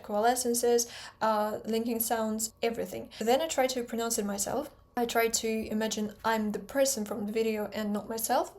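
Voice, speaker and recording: Quick high-voiced woman with a Russian accent. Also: a little mellow. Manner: quick, precise, stresses sounds as examples. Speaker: accent learner sharing her method. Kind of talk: explanatory talk to camera.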